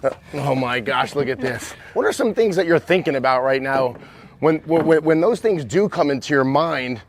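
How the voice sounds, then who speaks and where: A man coaching and interviewing a softball player, encouraging and rambling, with many restarts in his questions. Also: a little high, lively intonation, normal speed, noisy background.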